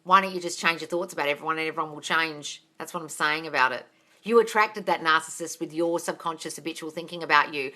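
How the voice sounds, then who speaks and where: A woman's voice: low voice, fast talker. An Australian woman coaching viewers on a casual live stream, reading out their questions and answering bluntly, swearing freely and calling them darling. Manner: reads out viewer comments in a lively voice.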